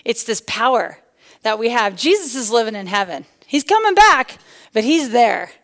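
Animated middle-aged woman preaching. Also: fairly high pitch, normal speed. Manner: animated, punchy, swings between loud bursts and hushed asides. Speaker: guest speaker at a women's church tea. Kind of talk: personal testimony sermon.

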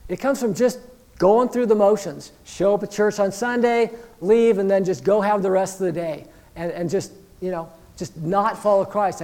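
A man's voice: high voice, moderate pace, darkish tone. A man preaching a sermon as pastor, earnest and conversational, acting out the voices of imagined believers. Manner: earnest, conversational preaching with frequent "you know".

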